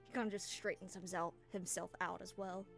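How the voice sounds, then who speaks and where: A woman's voice: on the low side, steady tone, a little fast, gravelly, soft background music. Casual rambling woman game master. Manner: casual, rambling, with fillers and laughs. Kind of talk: narrating a tabletop game.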